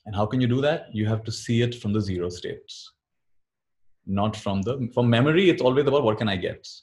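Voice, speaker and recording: A man giving a calm spiritual teaching talk, often repeating phrases softly. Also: mid-range voice, fairly quick.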